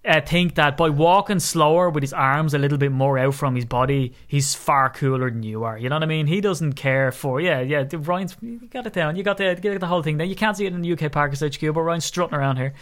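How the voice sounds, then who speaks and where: A man's voice: quick pace, few pauses. A man co-hosting a casual sports podcast, joking and exaggerating as he talks. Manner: animated, joking, exaggerating with rising pitch. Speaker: podcast co-host.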